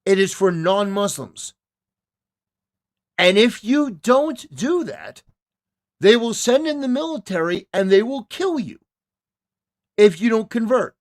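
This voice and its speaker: A man's voice: high voice, big pitch swings, slow pace, long pauses. A man hosting a reaction commentary, talking back at a clip with mocking, indignant remarks. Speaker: commentary host.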